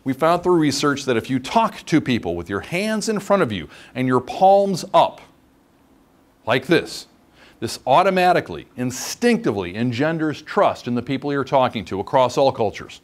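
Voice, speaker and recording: A man's voice: medium pitch, very animated, moderate pace. A man teaching a training course lecture, chatty and demonstrative, often checking in with the class by asking "okay?". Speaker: instructor.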